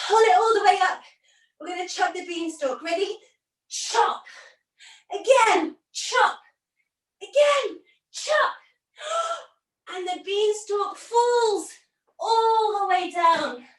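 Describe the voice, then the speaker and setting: A woman with a high voice leads children through a yoga story at an unhurried pace, animated and full of gasps and cheerful encouragement. She speaks over a video call, and the sound is roomy and distant from the mic. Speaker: kids' yoga teacher.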